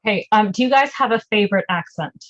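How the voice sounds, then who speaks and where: A woman's voice: medium pitch, expressive, quick pace. A woman hosting an interview, asking light questions and laughing along. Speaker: interview host. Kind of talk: casual interview chat. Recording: dull, lo-fi sound.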